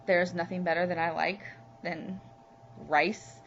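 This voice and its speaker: A woman's voice: fairly low pitch, level tone, a little slow, fairly bright tone. A woman from Louisiana talking candidly in a personal video diary, heartfelt and rambling with lots of "you know"s. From Louisiana, USA. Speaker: vlogger. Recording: muffled lo-fi recording with faint hum.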